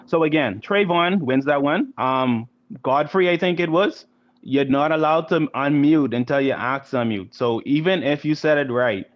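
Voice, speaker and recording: A man's voice: on the high side, normal speed, lo-fi sound. A man from the Bahamas, a volunteer art teacher, reading a story to children over a video call in a chatty way, often asking "right?". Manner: chatty, asks the kids "right?". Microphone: computer mic on a video call.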